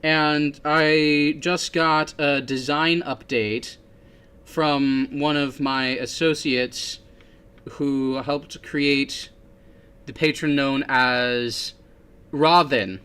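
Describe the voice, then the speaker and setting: A man's voice: a little high, fairly even intonation, very slow, bright, forceful tone, smooth. A young man hosting a casual livestream while drawing, talking in a goofy way and slipping into a silly put-on accent. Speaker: livestream host.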